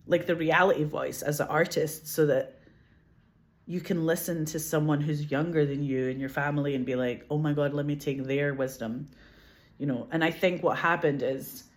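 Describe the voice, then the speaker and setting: A woman with a Glasgow Scottish accent, chatting casually as an interview guest, animated, laughing often, swearing and saying "like" a lot. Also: sits low. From Scotland. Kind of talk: casual chat.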